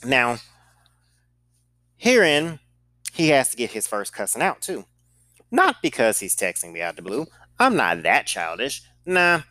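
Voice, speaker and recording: A man's voice: mid-range voice, very animated, unhurried, pauses often, pushed and bright, no echo. A man with a slight Southern accent telling a casual storytime in a blunt, profane and sarcastic way. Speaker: podcast host telling a story.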